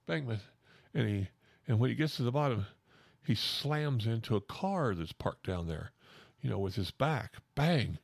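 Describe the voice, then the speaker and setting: A man, telling a folksy ghost story in an animated way, repeating words and acting out the shouts. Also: mid-range voice, normal speed, creaky, no room sound. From Oklahoma.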